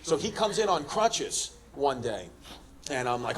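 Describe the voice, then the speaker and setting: On a club stage, a New York-accented stand-up comic does brash, profane material and crowd work, acting out the characters in his stories. His mid-range voice is very animated at a moderate pace, and the live recording carries audience laughter and slight background noise.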